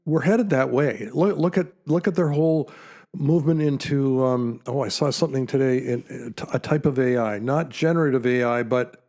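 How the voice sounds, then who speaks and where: A man's voice: medium pitch, moderate pace, darkish tone. An older man co-hosting a casual chat with his son, giving earnest, emphatic opinions and letting thoughts trail off. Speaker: co-host, father.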